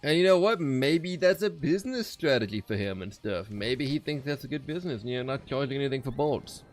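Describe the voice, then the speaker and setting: Faint music sits behind this medium-pitched man, who talks fairly quickly with lively intonation. Streaming a game, he offers rambling, profane commentary off the cuff and gets exasperated easily.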